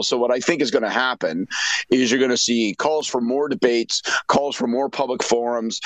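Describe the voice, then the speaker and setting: A man's voice: medium pitch, no echo, rough recording. A middle-aged man, giving blunt, conversational political analysis with frequent restarts. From Canada. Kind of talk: casual opinionated talk.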